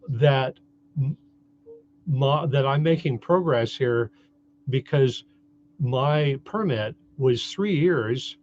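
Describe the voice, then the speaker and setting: A man's voice: medium pitch, darkish tone, slight background noise. Chatty Canadian man, slightly lo-fi. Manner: chatty, rambling, cheerful, many fillers and restarts. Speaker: vlogger. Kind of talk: casual update vlog.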